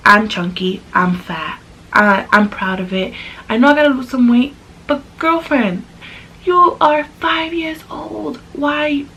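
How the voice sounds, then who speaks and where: A sassy young woman chats to the camera about a rough babysitting job, animated and full of attitude. Her voice sits at an ordinary middle pitch and jumps up high when she quotes people. A faint hiss of noise runs under her voice. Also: poor audio. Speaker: vlogger. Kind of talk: casual storytime chat.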